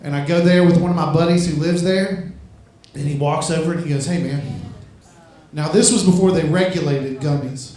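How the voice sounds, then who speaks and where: A man from Louisiana doing a stand-up comedy set, rambling through stories that build into shouted rants. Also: fairly high pitch, steady tone, fairly quick. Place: comedy club stage. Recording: echoey club from far off mic.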